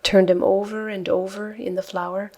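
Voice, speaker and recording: A woman reading a children's audiobook in a soft, hushed storytelling manner. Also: medium pitch, little pitch movement, normal speed. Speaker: audiobook reader. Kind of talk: scripted narration.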